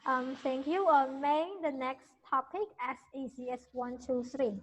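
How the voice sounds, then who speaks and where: English teacher drilling pronunciation. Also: female voice, high-pitched, measured pace, long reverb tail, lo-fi sound, a little hiss or hum. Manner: corrects and drills pronunciation, asks questions. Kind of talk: online class teaching pronunciation. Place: video call.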